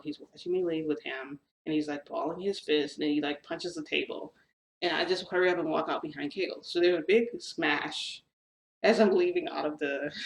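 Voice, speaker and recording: A woman's voice: deep voice, roomy sound, poor audio. A young woman casually telling a long story to her viewers, acting out quoted dialogue as she goes. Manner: chatty, animated retelling with quoted dialogue. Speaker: vlogger telling a shifting story.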